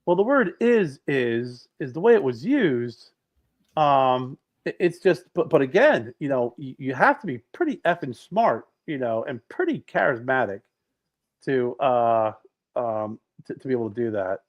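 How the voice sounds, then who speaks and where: A middle-aged man co-hosting a podcast in casual chat, telling rambling, animated stories with many restarts. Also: medium pitch, unhurried, highs cut off. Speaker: podcast co-host.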